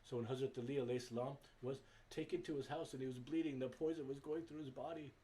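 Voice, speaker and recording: A man's voice: medium pitch, steady tone, fast, warm tone. A man preaching a sermon at a religious gathering, impassioned and emphatic, repeating his key phrases and sometimes stammering.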